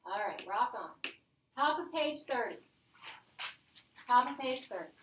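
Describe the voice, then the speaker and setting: Female teacher, high and bright, slow and upbeat, recorded from afar in an echoey classroom. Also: sing-song, a little hiss or hum. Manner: upbeat, coaxing, checks in with "all right?". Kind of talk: classroom grammar lesson. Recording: echoey room, voice from a distance.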